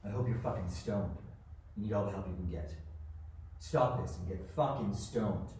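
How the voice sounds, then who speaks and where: A man delivering a profane, menacing ranting monologue, muttering low and breaking into shouts, recorded in a room. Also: moderate pace. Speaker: manifesto author. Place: indoor room. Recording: echoey room, distant mic, faint noise.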